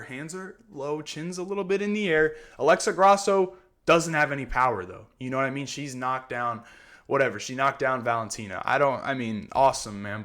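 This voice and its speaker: A man's voice: medium pitch, fairly bright tone. Fired-up man ranting about fights. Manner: heated, ranting, repeats "man" and "you know what I mean". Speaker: fight predictions host. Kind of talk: casual fight breakdown monologue.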